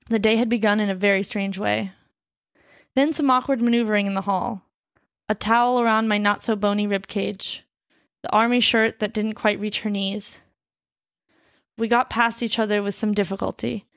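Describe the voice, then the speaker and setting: A woman reading a translated story aloud at a steady pace, breaking off now and then to chat casually. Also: mid-range voice, moderate pace, long pauses, no room sound, studio quality. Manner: reads steadily, then chats loosely with fillers and laughs. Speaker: reader of a story.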